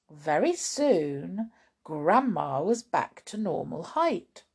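Expressive woman reading a children's storybook. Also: fairly low pitch, slow pace, creaky, slightly rough. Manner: expressive, dramatic narration. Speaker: storybook reader.

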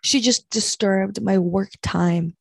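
A woman's voice: medium pitch, slow pace, creaky, breathy edge, no room sound. A young woman hosting a podcast from home, rambling through stories in an exasperated, heavily profane way. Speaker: podcast host. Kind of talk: casual solo podcast rant. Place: small house at home.

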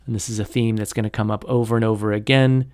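Speaking fast in a fairly low, slightly mellow voice with little pitch movement, a man chats casually on his podcast about a novel, rambling with lots of fillers and hedges while giving critical, opinionated takes. The tone is clean, with no room sound in a clean studio recording.

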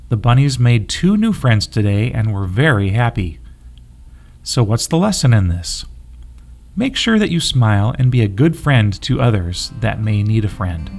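A man reads a children's story in a gentle voice. His delivery rises and falls with lively, sing-song expression. The pitch sits in a middle range.

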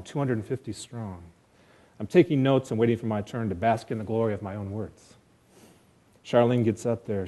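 A man's voice: on the low side, mellow, slightly rough. A man from the United States telling a personal story to an audience, earnest and self-deprecating, in vivid present tense.

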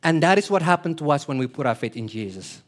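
A man preaching a sermon in an earnest, teaching manner. His voice sits fairly high for a man. He repeats key phrases and often turns to the congregation with questions. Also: sing-song, quick pace. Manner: plays short voices in his illustrations.

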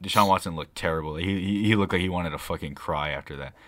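A young man co-hosting a casual podcast, telling a rambling story with lots of swearing and excitable bursts. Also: low voice, fast talker, background noise. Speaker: podcast co-host. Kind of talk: casual chat.

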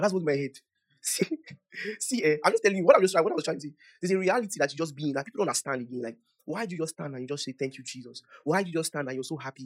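A young man preaching a sermon, emphatic and animated, swinging from loud declarations to soft asides. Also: fairly high pitch. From Nigeria.

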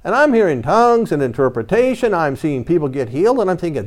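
A man's voice: high-pitched, very animated, fairly quick, few pauses, darkish tone. A man preaching a conversational sermon, telling his own story and reading scripture aloud in old-fashioned wording. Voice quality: reads scripture in King James wording.

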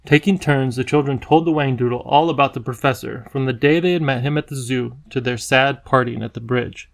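A man narrates a children's storybook at a calm, steady pace. His mid-pitched voice carries a gravelly edge. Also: a little fast, few pauses. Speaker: audiobook narrator. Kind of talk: scripted narration.

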